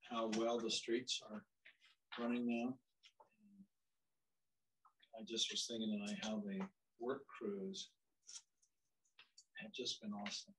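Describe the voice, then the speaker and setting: A man's voice: fairly low pitch, little pitch movement, slow pace, pauses often, far from the mic, a little hiss or hum, rough recording. An older man teaching a church counseling class, telling stories in a conversational way with frequent restarts. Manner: warm conversational storytelling with many restarts.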